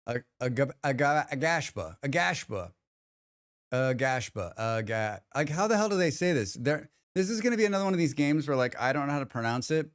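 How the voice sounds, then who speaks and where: A man's voice: a little high, big pitch swings, fast talker, few pauses, smooth. A man streaming a game live, chatting casually with his viewers in a rambling way and often restarting his sentences. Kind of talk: casual livestream chat.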